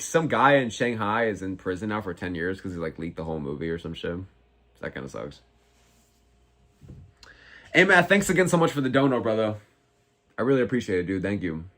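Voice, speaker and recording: A man in his twenties hosting a live fight watch-along, reading chat aloud and reacting in a profane, excitable way. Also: fairly low pitch. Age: 20s. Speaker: live stream host.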